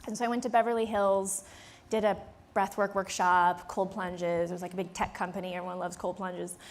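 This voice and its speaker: A woman's voice: on the low side, little pitch movement, brisk. A woman in her thirties leading a live workshop. She tells a story in a chatty way, acts out the dialogue, laughs often and speaks straight to the room. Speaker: workshop leader. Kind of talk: live workshop talk to an audience. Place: conference room before a live audience.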